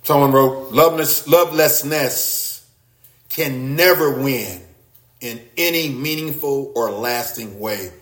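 A man delivers a sermon slowly in an echoey room, his lively delivery swinging from loud exclamations to quiet, low asides. He frequently repeats himself and restarts his words.

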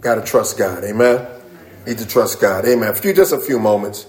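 A man's voice: fairly low pitch, moderate pace, a little hiss or hum. Emphatic preaching man, echoey room. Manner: emphatic, rising to shouts, with call-and-response amens. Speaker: pastor. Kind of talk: sermon.

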